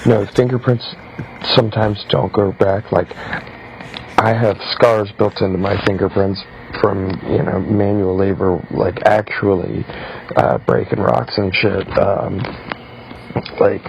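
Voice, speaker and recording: A man's voice: on the low side, level tone, measured pace, vocal fry, background noise. A man leaving a rambling, laid-back voicemail for a radio show. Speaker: voicemail caller. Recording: dull lo-fi voicemail.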